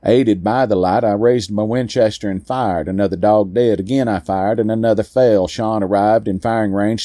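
A man narrating a first-person story in a slow, deliberate way with weighty pauses. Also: lowish voice, mellow, dry recording, studio quality.

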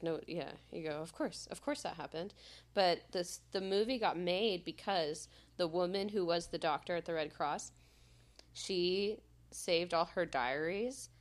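A woman co-hosting a podcast, telling stories in casual chat with a lot of "like" and loud bursts of laughter. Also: low-pitched. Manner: animated storyteller, heavy use of "like", bursts of loud laughter. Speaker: podcast co-host. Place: podcast studio.

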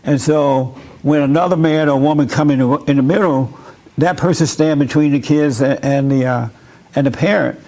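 A man's voice: a little high, moderate pace, mellow. A man hosting a faith discussion, telling stories with a joking manner and turning preachy when he explains. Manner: joking, chuckles through stories. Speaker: host leading a faith discussion. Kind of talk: casual chat.

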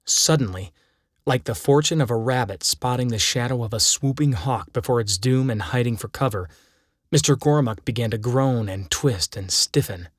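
A man's voice: medium pitch, normal speed, breathy edge, dry recording, studio quality. A man narrating his own first-person story, reading it aloud dramatically. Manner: dramatic storytelling with acted quotes.

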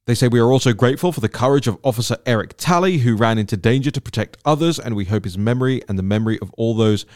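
A man's voice: mid-range voice, lively intonation, quick pace, darkish tone, dry recording, clean studio sound. A man hosting a solo political commentary podcast, talking in an indignant, emphatic way and repeating words for stress.

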